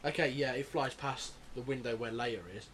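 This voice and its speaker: A man chatting casually about films as a podcast co-host, opinionated and quick to correct others. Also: mid-range voice, steady tone, a bit bright, a little hiss or hum. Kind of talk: casual film chat.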